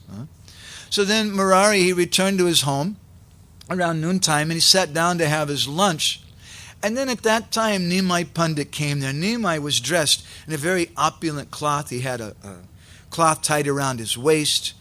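Male preacher telling stories, lively, kinda high bright voice. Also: moderate pace. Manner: animated storytelling, acts out characters. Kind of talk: sermon storytelling.

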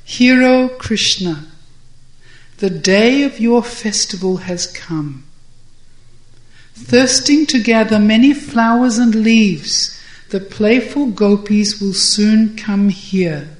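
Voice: mid-range voice, takes it slowly, close to an everyday voice. A reader voicing a teasing, wise elderly woman. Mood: playful. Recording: roomy echo.

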